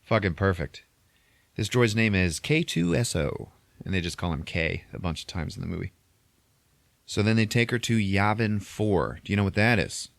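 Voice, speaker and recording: A man's voice: fairly low pitch, animated, normal speed, gravelly, dry recording. A man hosting a podcast, retelling a movie in a rambling, profane way. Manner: rambling, heavy swearing, acts out scenes. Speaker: podcast host. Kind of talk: casual profane movie recap.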